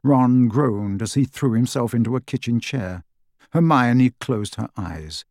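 With a mid-range voice, this man narrates a scripted fantasy audiobook, telling the story in a steady, expressive way. The studio recording is clean, with no room sound.

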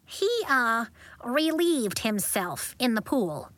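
Deadpan earnest schoolboy read by a woman, dry close recording. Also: fairly high pitch, takes it slowly, dry recording, full character voice. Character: odd, matter-of-fact schoolboy in aviator goggles.

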